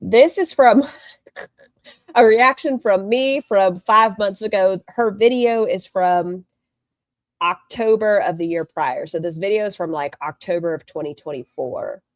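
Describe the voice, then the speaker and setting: A woman's voice: mid-range voice, a little slow, no echo. A woman hosting a live stream, giving blunt, sarcastic reaction commentary and swearing freely.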